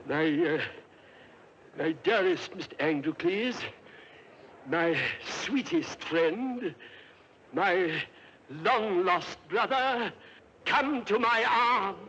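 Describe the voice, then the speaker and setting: An actor playing a pompous, cowardly Roman emperor in a 1950s film, imperious and theatrical. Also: male voice, very high voice, big pitch swings, a little slow, bright, forceful tone, dull audio, slight background noise, exaggerated voice. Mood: fawning. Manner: imperious and theatrical, turning fawning when scared.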